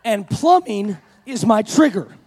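A pastor preaching a sermon, telling a self-mocking story before building to fervent preaching. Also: male voice, sits high, big pitch swings, measured pace, darkish tone, slightly rough, in a large hall.

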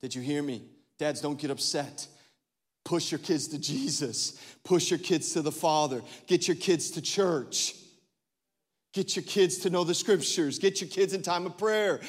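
Male pastor, 30s, high voice, animated sermon delivery in a reverberant church hall. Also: moderate pace. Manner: animated, swings between loud exclamations and hushed asides, laughs often.

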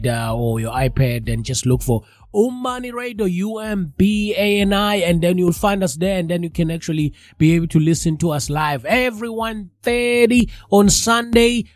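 A man's voice: fairly high pitch, a little mellow, no echo. A man with a stuffy, congested voice from a cold, chatting casually as a live radio show host and talking straight to his listeners. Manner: chatty, addresses listeners directly.

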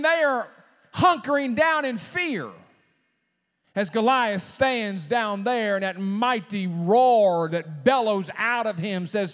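A man preaching a sermon as a pastor, with shouted climaxes and dramatic pauses. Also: very high-pitched, big-room sound.

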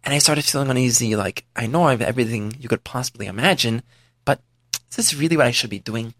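A man's voice: mid-range voice, fast, a bit bright, no echo, clean studio sound, pitched below the performer's own voice, natural voice. A man voicing a repentant rich old man. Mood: confessional. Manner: earnest, confessional first-person telling. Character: repentant rich man, former priest, older.

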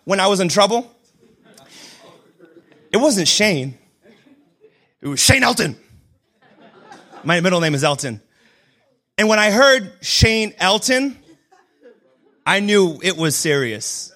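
A young adult man preaching a sermon, switching between shouted declarations and quiet, joking asides. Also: high voice, sing-song, takes it slowly, long pauses. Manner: self-deprecating humor. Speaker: pastor.

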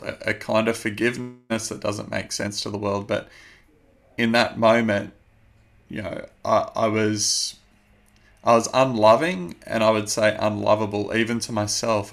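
A man in his thirties, a guest telling his personal testimony in an earnest, measured way with many fillers. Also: lowish voice, steady tone, creaky.

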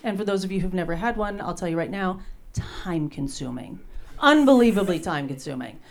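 A woman's voice: lowish voice, lively intonation, a little fast. A middle-aged woman from New Jersey doing a brash, self-deprecating stand-up comedy set on a club stage.

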